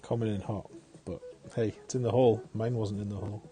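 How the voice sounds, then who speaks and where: Low, mellow-voiced streamer. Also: male voice, fairly even intonation, fairly quick, soft background music. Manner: chatty, thinks aloud, chuckles often. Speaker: game streamer. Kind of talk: casual live-stream gameplay commentary.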